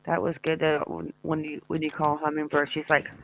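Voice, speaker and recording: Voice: mid-range voice, completely flat delivery, moderate pace, vocal fry, heavy background noise. A live-stream host chatting casually and jokingly with viewers from a home den. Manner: joking, chatty, addresses chat directly.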